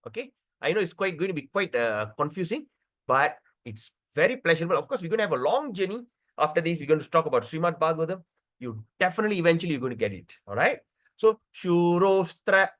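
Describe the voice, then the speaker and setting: A man teaching a devotional scripture class, checking in often with "okay" and "right", and spelling out pronunciation slowly. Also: fairly high pitch. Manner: lively, repeats words and checks in with "okay" and "right".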